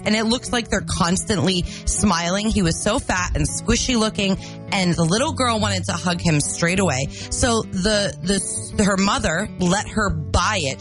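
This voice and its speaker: A woman co-hosting a morning radio show, chatting casually and telling a story with playful, animated energy. Her voice sits at an ordinary middle pitch, and a music bed plays clearly behind her.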